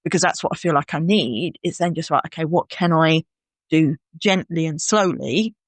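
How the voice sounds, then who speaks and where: A woman's voice: low-pitched, moderate pace, no echo. Chatty woman podcast host, dry close sound. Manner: chatty, acts out her inner voice in little quoted scenes. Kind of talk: casual chat.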